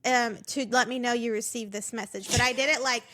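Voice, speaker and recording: Lively high-voiced woman telling stories. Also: brisk, a little hiss or hum. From southern United States. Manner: animated storyteller, laughs often. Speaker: podcast co-host. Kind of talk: casual chat.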